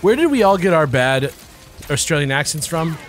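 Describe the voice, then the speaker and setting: A man's voice: fairly high pitch, sing-song, normal speed, faint music behind. A man playing through a game on a let's play show, cursing and sarcastic in casual commentary. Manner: profane, exasperated and sarcastic.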